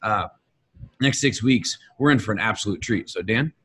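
Husky low-voiced man hosting a call. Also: normal speed, a bit bright. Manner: conversational, lots of "uh" fillers and restarts. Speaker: host of a coaching call. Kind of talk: motivational team call.

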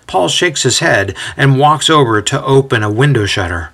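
Male storyteller, scripted narration, measured, lively intonation. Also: medium pitch, vocal fry.

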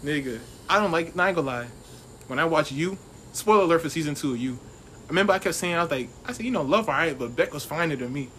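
A man's voice: on the high side, expressive, sharp tone, a little hiss or hum. A young man co-hosting a podcast, chatting casually with lots of slang and frequent laughter. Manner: fast, joking, slangy, laughs often. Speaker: podcast co-host. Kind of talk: casual chat.

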